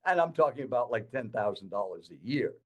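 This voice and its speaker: A man in his eighties telling his life story to an interviewer in an animated, dramatic way. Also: medium pitch, fairly quick. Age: 80s. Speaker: guest speaker.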